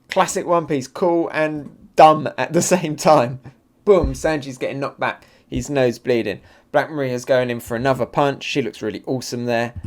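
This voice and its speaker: A man hosting a live comic reaction and review, excitable and thinking aloud with fillers. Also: on the high side. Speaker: manga reaction channel host.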